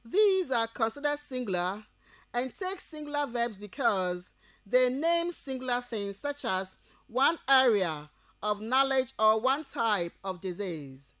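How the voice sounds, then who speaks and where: Speaking with a Ghanaian English accent, a woman gives a radio lecture to university students, slowly repeating each point as though dictating and checking they keep up. Her voice is on the high side, animated, and a bit bright, in a dry recording.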